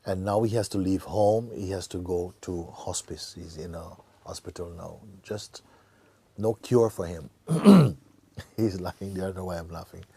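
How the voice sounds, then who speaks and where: A man acting as a spiritual teacher, telling a parable in an animated way, laughing often and tagging his lines with "no?". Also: deep voice, measured pace, creaky, slightly rough, no room sound. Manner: lively and animated, laughs often, tags lines with "no?" and "you know". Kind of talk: storytelling in a spiritual talk.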